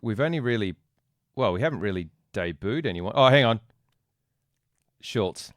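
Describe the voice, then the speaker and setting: A man's voice: fairly low pitch, lively intonation, normal speed, no room sound. A man with an Australian accent co-hosting a casual sports podcast, dropping dry, laconic quips. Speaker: podcast co-host.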